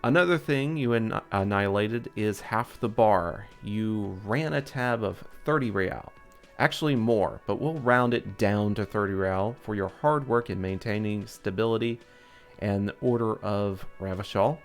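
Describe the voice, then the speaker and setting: A man's voice: on the low side, measured pace, faint music behind. A man voicing a sarcastic, irritated cafeteria manager. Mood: exasperated. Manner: sarcastic, exasperated. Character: irritable middle-aged male hotel cafeteria manager. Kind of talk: reading game dialogue aloud.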